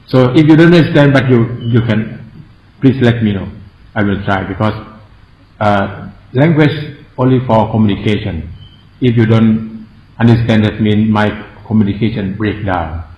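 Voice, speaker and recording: A man with a Thai accent, a native Thai speaker, teaching a meditation class, explaining words slowly and spelling them out, joking at his own expense and chuckling often. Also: on the low side, darkish tone. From Thailand. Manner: self-mocking humor, chuckles often. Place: meditation hall. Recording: echoey room, dull lo-fi sound.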